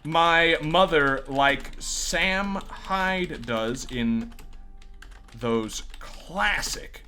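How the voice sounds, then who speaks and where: A young man doing comedic game commentary, reading text aloud in quick bursts, laughing often and joking crudely. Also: fairly high pitch, sharp tone, soft background music. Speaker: gameplay commentator. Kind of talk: comedic let's-play narration.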